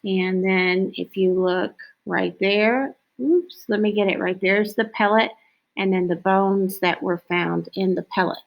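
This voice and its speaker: A woman reading a picture book about owls aloud as a lesson, slow and clear, now and then mimicking owl calls. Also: medium pitch, steady tone, lo-fi sound. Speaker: teacher reading to children.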